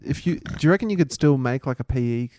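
A man's voice: medium pitch, lively intonation, fast talker, a little mellow, no echo, studio quality. A man co-hosting a casual comedy podcast, hesitant and full of fillers as he sets up a bit. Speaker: podcast co-host.

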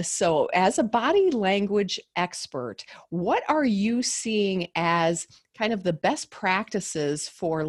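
A woman hosting a business interview over a video call, her voice sitting on the lower side. She asks her questions with eager enthusiasm, restarting phrases and scattering fillers as she goes. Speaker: host. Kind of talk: conversational interview.

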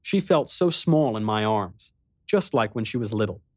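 A man narrating an audiobook in the first person, steady and measured. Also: fairly low pitch, no echo, studio quality.

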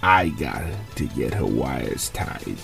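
Gruff, brash Paulie parody PSA, played by a man; gravelly, lively swings. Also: rumbling low, takes it slowly, over music, exaggerated voice. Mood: grim. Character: crude mock Paulie giving a psa, gruff older man. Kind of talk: comedy sketch.

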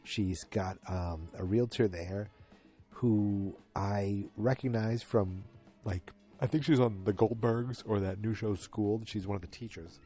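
He speaks a little slowly, his warm voice on the low side and fairly even in intonation, with faint music behind. The sleepy man, a podcast host at home in front of the TV, yawns while casually recapping a TV episode in a rambling, chatty way with lots of asides.

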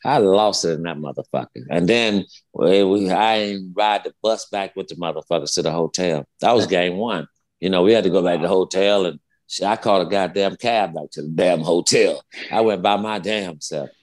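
A man's voice: low-pitched, moderate pace. A man in his fifties, a former basketball player, telling a heated story as a guest, swearing freely and repeating himself. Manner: profane, heated, repetitive storytelling. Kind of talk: casual storytelling interview.

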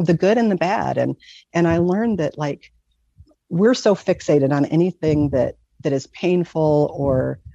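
A woman candidly telling a personal story as an interview guest, earnest and often breaking into soft laughs. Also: deep voice, creaky, slightly rough, no echo. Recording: dull lo-fi recording.

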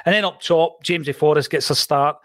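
A man's voice: fairly high pitch, brisk, fairly bright tone, dry recording. Male host, chatty football talk, dry close sound. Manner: chatty, tells anecdotes. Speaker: podcast host. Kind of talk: casual football chat.

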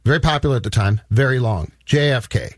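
A man's voice: medium pitch, fast, no echo, studio quality. A man co-hosting a podcast, chatting casually about a movie and telling stories with animation. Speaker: podcast co-host.

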